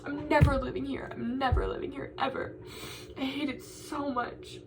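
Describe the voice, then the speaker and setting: A woman's voice: sits high, flat delivery, normal speed, distant mic, loud music behind the voice. A young woman, a college student, venting to camera in a frustrated, tearful, rambling way and repeating herself. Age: young adult.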